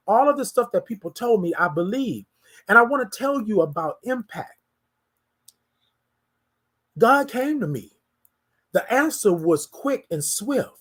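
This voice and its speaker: A host delivering an inspirational morning talk in an emphatic, preacherly way. The speaker keeps repeating key phrases and addresses listeners directly in casual slang. The voice sits at a middle pitch. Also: very animated, measured pace, long pauses.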